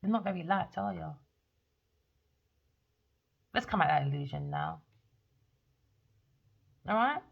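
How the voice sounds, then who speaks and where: A woman giving a tarot reading, scornful and theatrical, mockingly calling people darling and shifting between loud outbursts and low mutters. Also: lively intonation, measured pace, gravelly, pauses often, muffled recording. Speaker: tarot reader. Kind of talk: rambling tarot reading monologue.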